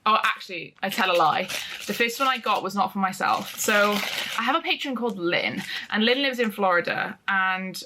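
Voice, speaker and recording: A woman's voice: mid-range voice, normal speed, background noise. A young woman vlogging to camera, telling a story in a casual, chatty way, full of "like" and the odd swear word.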